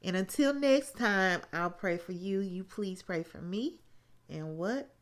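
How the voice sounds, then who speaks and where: A woman's voice: medium pitch, expressive, measured pace. A woman hosting a casual reality-show recap, talking sassily straight to her viewers. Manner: sassy, talks straight to viewers. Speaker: TV recap host.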